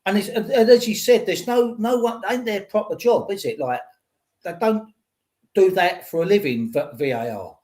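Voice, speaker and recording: An older man holds forth in casual football chat. His voice sits a touch high, and he rambles and restarts as he argues his point. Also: normal speed, a little mellow. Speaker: podcast host.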